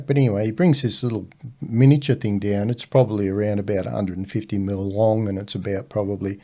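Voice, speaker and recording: An older man with an Australian accent telling stories as a podcast guest, animated and laughing as he spins a yarn. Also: on the low side, quick pace. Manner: animated yarn-spinner who laughs at his own stories. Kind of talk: casual storytelling.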